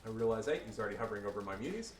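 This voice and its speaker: A man's voice: lowish voice, animated, very fast, far from the mic. Crude joking male game commentator, echoey room. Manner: crude joking, frequent swearing, loose and rambling. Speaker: player commentating his own match replays. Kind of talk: casual gameplay commentary. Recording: echoey room, voice off-mic, faint background noise.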